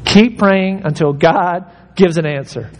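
A pastor preaching an emphatic sermon, urging his listeners and acting out the prayers he quotes. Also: unhurried. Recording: hall reverb with faint rumble.

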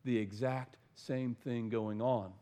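A man's voice: medium pitch, steady tone, slow, mellow. A man preaching a sermon, earnest, stumbling over and repeating words, often asking his listeners questions. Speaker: pastor.

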